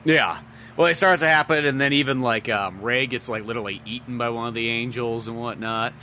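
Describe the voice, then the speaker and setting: A man's voice: medium pitch, a little fast, bright, forceful tone, a little hiss or hum. A man co-hosting a podcast in casual chat, joking, swearing and laughing often. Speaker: podcast co-host.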